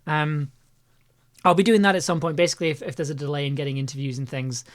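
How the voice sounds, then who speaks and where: A woman's voice: low voice, fairly even intonation, fast talker. A woman chatting loosely on her own live stream about making an audio piece, rambling and laughing often at herself. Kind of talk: casual live-stream chat.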